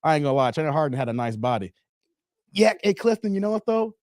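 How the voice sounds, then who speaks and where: A man hosting a casual livestream chat, talking in an animated, slangy, rambling way and laughing often. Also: on the high side, fast, no room sound, studio quality. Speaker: show host.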